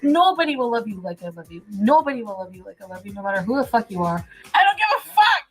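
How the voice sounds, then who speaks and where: A woman's voice: mid-range voice, big pitch swings, quick pace, faint music behind, poor audio. A drunk woman from Canada ranting and swearing on a livestream, slurring her words.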